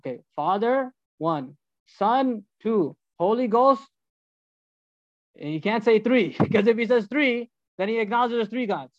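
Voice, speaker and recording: A man giving a storytelling sermon as a religious teacher, animated and acting out the dialogues. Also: high voice, measured pace, no echo, highs cut off.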